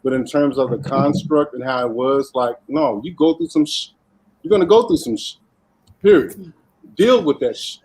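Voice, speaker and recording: A man's voice: mid-range voice, normal speed, a little mellow, slight background noise, poor audio. A man on a discussion panel who talks bluntly and emphatically, speeding up as he makes his point.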